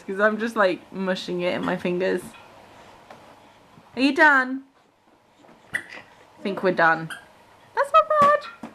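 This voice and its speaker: A woman's voice: medium pitch, a bit bright, a little hiss or hum, poor audio. A young woman from Cheshire chatting to camera at home, coaxing her baby to chew between asides to viewers. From Cheshire, England. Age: young adult. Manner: chatty, coaxing baby talk while feeding her son. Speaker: family vlogger and mother. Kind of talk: casual vlog chat.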